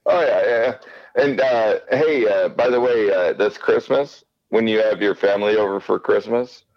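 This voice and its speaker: Deep-voiced man rambling in casual chat. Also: moderate pace, dull audio. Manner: rambling, animated, acts out quotes. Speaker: podcast co-host.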